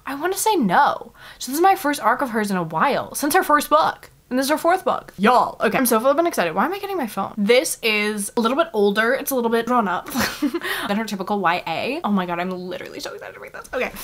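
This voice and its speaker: A young woman talks casually to her camera about books. She gushes and gets excited easily, swears lightly, and leans on "like" as she goes. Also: on the high side. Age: young adult. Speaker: book vlogger. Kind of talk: casual vlog chat.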